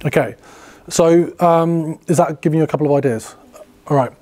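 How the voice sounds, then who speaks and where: A man's voice: fairly high pitch, normal speed, a little mellow. A man running a sales workshop, chatty and full of fillers and restarts as he explains. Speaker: sales trainer. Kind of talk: casual workshop teaching.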